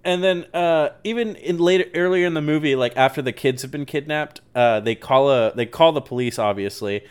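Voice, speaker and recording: A man's voice: on the high side, fairly quick, clean tone. A man co-hosting a podcast, casually and animatedly retelling movie scenes with frequent laughter. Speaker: podcast co-host. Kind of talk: casual movie-recap chat.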